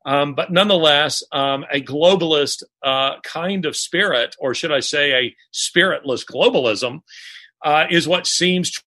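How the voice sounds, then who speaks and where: Bright-voiced man, halting. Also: fairly high pitch. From Alabama, US. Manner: halting, with many pauses and restarts. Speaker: author guest. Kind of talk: casual interview conversation.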